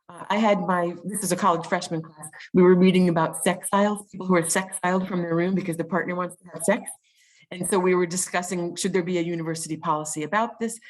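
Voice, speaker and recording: A woman's voice: fairly low pitch, a little mellow, poor audio. A woman presenting an online teaching webinar, explaining step by step with frequent ums and restarts, on a video call mic.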